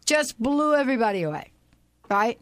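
A woman hosting an inspirational radio talk show, animated and playful, breaking into bits of song. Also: on the high side, moderate pace, no echo. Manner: animated, playful, sings snatches of songs.

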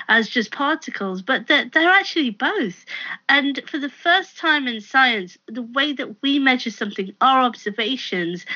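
Bright-voiced woman explaining at length. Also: fairly high pitch, lo-fi sound. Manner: explanatory, with many fillers. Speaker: guest author. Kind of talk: interview answers.

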